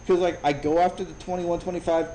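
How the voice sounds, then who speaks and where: A man in his thirties from Chicago, telling a profane, animated story in a casual rant while streaming a game. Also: high voice, quick pace, background noise. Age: 30s.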